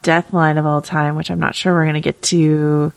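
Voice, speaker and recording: A woman's voice: sits low, little pitch movement, moderate pace, gravelly. A woman hosting a podcast, chatting casually and upbeat as she runs the segments. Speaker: podcast co-host. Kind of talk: casual chat.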